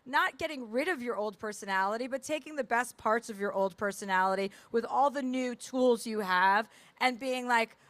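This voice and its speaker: Woman, author guest, higher pitch, dry close sound, candid, rambling, lots of fillers. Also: fairly bright tone, no room sound. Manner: fast, candid, many fillers and restarts. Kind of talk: onstage conversation. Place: festival stage.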